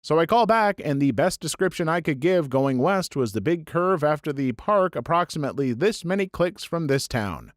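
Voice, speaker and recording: A man narrating a series of online posts in a brisk, animated storytelling read. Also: on the high side, no room sound, studio quality.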